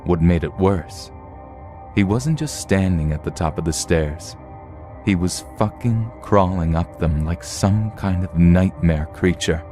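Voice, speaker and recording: A man narrating true horror stories in a steady, measured storytelling read. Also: sits low, faint music behind.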